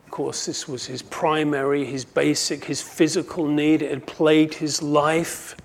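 A man preaching a sermon, who acts out the quoted cries and moves from hushed asides to loud, impassioned calls. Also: fairly high pitch, level tone, a little slow. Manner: swings from hushed to shouting when quoting cries; dramatizes quoted voices.

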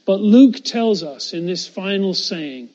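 High-voiced earnest man preaching. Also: animated, takes it slowly, muffled recording. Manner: earnest, builds to emphatic repetition; drops to a hushed voice on key phrases. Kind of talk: sermon.

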